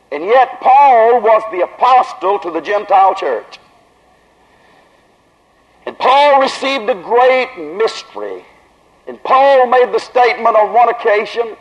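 A man with a Southern accent preaching at a tent revival, drawing his words out slowly and then rising to loud emphasis. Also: sits high. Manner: slow, drawn-out delivery that builds to raised emphasis. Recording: dull lo-fi old recording.

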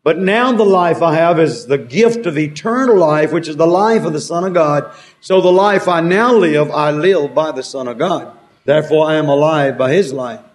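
A man's voice: fairly high pitch, normal speed. A man preaching a sermon, quoting scripture with rising and falling emphasis.

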